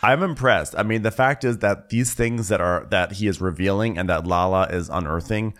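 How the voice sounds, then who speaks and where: Lower-voiced man in wry podcast chat. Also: normal speed, fairly bright tone. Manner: chatty, wry, uses "like" a lot. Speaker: podcast co-host. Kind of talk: casual comedic recap chat.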